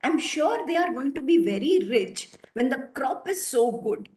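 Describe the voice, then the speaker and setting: A woman's voice: high-pitched, lively intonation, a little slow, warm tone, reverberant. A woman voicing a greedy king, Indian English. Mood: scheming. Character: middle-aged king, greedy then remorseful.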